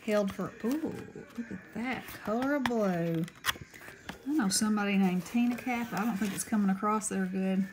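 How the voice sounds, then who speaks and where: Slow, gushing Southern woman. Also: mid-range voice, background noise. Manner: chatty, gushing, Southern-friendly. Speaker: craft vlogger. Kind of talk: casual haul chat. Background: paper crinkling.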